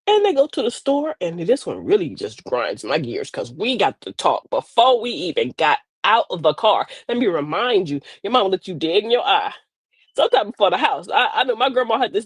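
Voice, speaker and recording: An older woman, a grandmother, hosting a livestream and telling sassy, funny stories about parenting in a casual, animated way. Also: medium pitch, slightly rough, no room sound. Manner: animated, sassy storytelling with laughs. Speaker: livestream host. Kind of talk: casual comedic livestream monologue.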